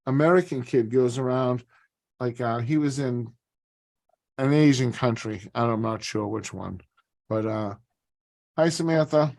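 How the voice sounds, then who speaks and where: Rambling, foul-mouthed podcast host. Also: male voice, medium pitch, measured pace, creaky, pauses often, darkish tone. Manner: rambling, swears freely. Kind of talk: casual chat.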